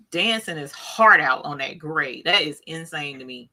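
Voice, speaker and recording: Gushing excitable woman host in her forties. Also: low-pitched, normal speed. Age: 40s. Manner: talks straight to viewers as "y'all". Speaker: craft show host. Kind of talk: casual live-stream chat.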